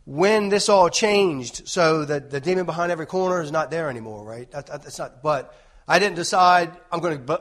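A man's voice: fairly high pitch, a bit bright. A man giving an informal sermon, telling a rambling personal story with many restarts and "right?" tags. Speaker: lay preacher.

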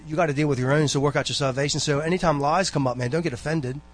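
In a steady, slightly high voice, a man races through a talk to his church congregation. A church member, he gives a rambling, folksy exhortation full of asides and personal stories.

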